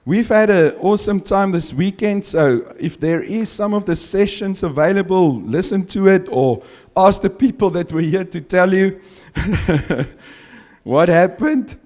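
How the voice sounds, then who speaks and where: A man whose first language is Afrikaans, preaching a sermon and reading scripture slowly and with emphasis, chuckling often between points. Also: sits high, lively intonation, a little mellow. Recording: long hall reverb.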